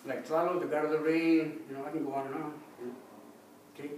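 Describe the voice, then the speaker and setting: Man, high-ish voice, folksy storyteller leading call-and-response chants, echoey room recorded from a distance. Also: flat delivery, fast, a little mellow, slight background noise. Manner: folksy, repeats "you know", leads the audience in call-and-response. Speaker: speaker teaching Aztec calendar names. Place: record shop event space.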